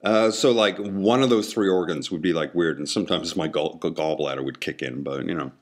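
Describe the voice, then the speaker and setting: A man with a low, deep voice hosting a solo show. He rambles casually, stumbling on fillers and mocking himself. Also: fairly quick. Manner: rambling, self-deprecating humor, many fillers and restarts. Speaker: podcast host.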